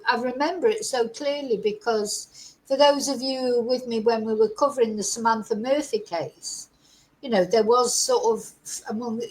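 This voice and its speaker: A woman with a slightly high voice talks through a crime case in loose, chatty commentary. She is opinionated and drily sarcastic, and she clears a frog from her throat now and then. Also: poor audio. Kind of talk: casual commentary to camera.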